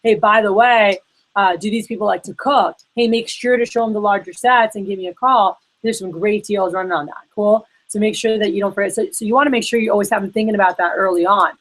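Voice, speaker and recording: A woman runs a sales workshop in a loose, chatty way, her voice sitting at an ordinary middle pitch. She keeps slipping into quoted back-and-forth to act out calls with her reps, talking to a room of trainees. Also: fast, low-quality recording. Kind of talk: casual workshop coaching.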